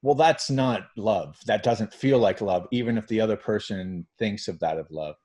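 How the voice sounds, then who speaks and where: Man, podcast host, emphatic, fairly low voice, conversational. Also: moderate pace, a little mellow, breathy edge. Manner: earnest, emphatic, restarts phrases often. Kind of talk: conversational interview.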